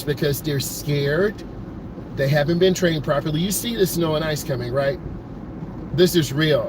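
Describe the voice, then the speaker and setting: A man teaching driving from inside a moving car, coaching the viewer calmly and repeating his points. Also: fairly high pitch. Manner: calm, repetitive coaching, talks to the viewer. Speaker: driving instructor. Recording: road and engine noise behind.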